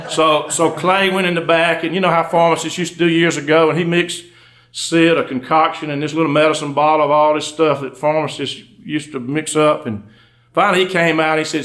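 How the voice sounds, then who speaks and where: A man's voice: a little high, steady tone, a little fast, fairly bright tone. A man with a Georgia accent telling comic stories on stage before a live audience, in a folksy drawl with asides to the crowd. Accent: Southern US, Georgia. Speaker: undertaker and storyteller.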